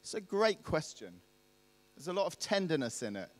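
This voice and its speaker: A man's voice: high voice, big pitch swings, moderate pace, long reverb tail. A man preaching a sermon, retelling a story in a conversational way and asking rhetorical questions.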